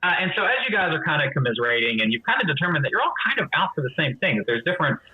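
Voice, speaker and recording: Guy dm narrating a tabletop game, kinda high voice, laid-back with lots of ums, muffled lo-fi audio. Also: rapid-fire, slight background noise. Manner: relaxed, with many fillers and hedges. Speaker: game master. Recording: dull lo-fi audio.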